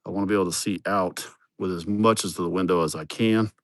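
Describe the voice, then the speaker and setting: A man's voice: low voice, steady tone, fairly quick, no echo, studio quality. Joking, foul-mouthed man on a phone. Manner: joking, blunt, profane storytelling. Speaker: livestream host. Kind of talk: casual livestream chat. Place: outdoors at a building site. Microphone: phone held in hand.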